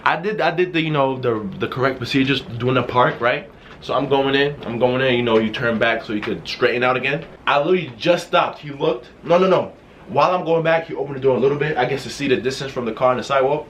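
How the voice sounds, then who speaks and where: A young man telling a casual storytime vlog, excited and rambling, restarting his sentences often. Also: mid-range voice, quick pace, a little hiss or hum. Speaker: vlogger. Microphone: wearing a mask while talking.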